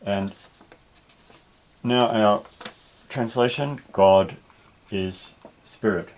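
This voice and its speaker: Guy teaching a greek lesson, lowish voice, patient and careful, restarts a bit. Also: very slow, a little mellow, slight background noise, poor audio. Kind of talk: explanatory lesson.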